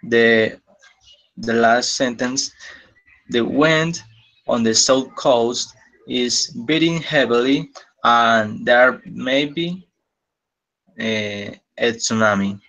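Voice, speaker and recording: A man student reading his sentences aloud hesitantly, with pauses and a filler sound. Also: medium pitch, fairly bright tone, rough recording.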